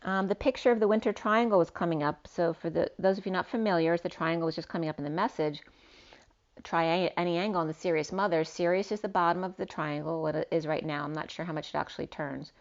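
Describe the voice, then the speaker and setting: A woman with a fairly low, steady voice gives a fast, rambling spiritual tarot reading, free-associating through wordplay. The recording has a dull, lo-fi sound.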